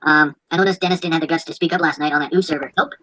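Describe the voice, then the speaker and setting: A woman's voice: sits low, steady tone, rapid-fire, pushed and bright, slight background noise, rough recording. A woman hosting a podcast in casual, profane chat, mocking and laughing, stumbling as she reads aloud. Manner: crude, mocking, laughs often; stumbles while reading aloud. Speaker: podcast host.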